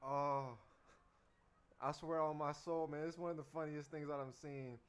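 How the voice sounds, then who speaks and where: A man's voice: on the high side, fairly even intonation, normal speed, clear, resonant tone. A man hosting a casual livestream as a dance teacher, talking loosely in slang to his viewers and repeating his phrases.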